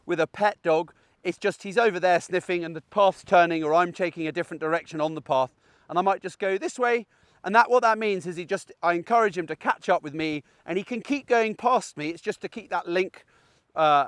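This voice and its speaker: A middle-aged man with a high, smooth, slightly bright voice talks a little fast as he teaches recall training during a dog walk in a field. He's a dog trainer giving a chatty, conversational outdoor tutorial, often asking "okay?", and the sound is clean studio audio with no room sound.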